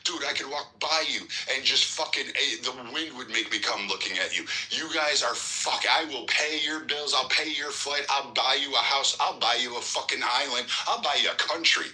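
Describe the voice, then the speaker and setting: Male stream host, aggressive profane rant, sharp bright voice. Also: mid-range voice, moderate pace, hardly any pauses, poor audio. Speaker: political live-stream host. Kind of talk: heated profane political rant.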